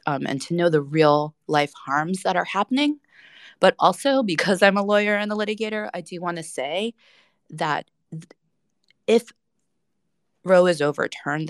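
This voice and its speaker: A woman's voice: low-pitched, no echo, clean studio sound. A woman lawyer and litigator speaking earnestly on a panel, with frequent fillers. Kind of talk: panel discussion.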